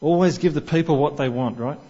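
A man's voice: fairly high pitch, fairly quick, dark tone, breathy edge, dull audio. A man preaching a sermon in church, talking conversationally and asking the congregation questions.

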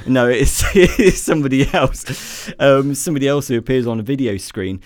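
A man's voice: medium pitch, expressive, moderate pace, no echo, studio quality. A man co-hosting a podcast, sarcastically tearing into a movie with lots of ums and restarts. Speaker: podcast co-host. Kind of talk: casual film review chat.

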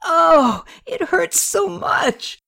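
Lady reading as a sick feverish young woman, pained and pleading, a bit higher than her narrating voice. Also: moderate pace, darkish tone, natural voice.

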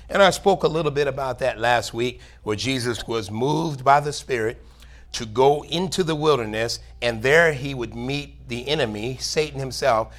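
A man's voice: mid-range voice, fairly bright tone. Man preaching a sermon in church. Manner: preaching, calls for amen, reads scripture aloud. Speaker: pastor.

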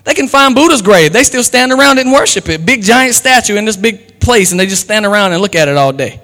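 A man's voice: sits high, expressive, quick pace, pushed and bright, big-room sound. A man preaching a sermon as pastor, acting out quotes and calling on the crowd to respond.

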